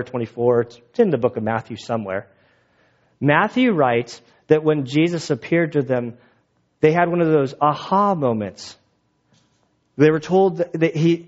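A man preaching in a relaxed, chatty storytelling manner, his voice sitting a bit higher than usual for a man. He drifts into asides as he retells the passage. The recording is dull and lo-fi. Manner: casual, conversational storytelling with asides. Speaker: pastor. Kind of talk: sermon.

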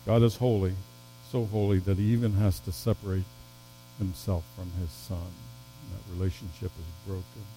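Mellow-voiced man preaching a sermon. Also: little pitch movement, normal speed, a little hiss or hum, low-quality recording. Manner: rises to emphatic peaks, drops low and soft. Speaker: pastor.

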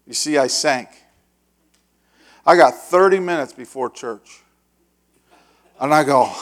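A middle-aged male pastor telling a long story in a sermon, acting out the voices and shouting the dramatic parts. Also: mid-range voice, takes it slowly, pauses often. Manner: animated, acts out voices with loud shouts.

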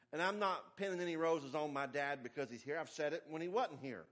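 Pastor, male, middle-aged; emphatic, folksy sermon delivery, slightly high-pitched. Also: brisk, hardly any pauses, fairly bright tone. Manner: folksy, emphatic preaching with asides and humor.

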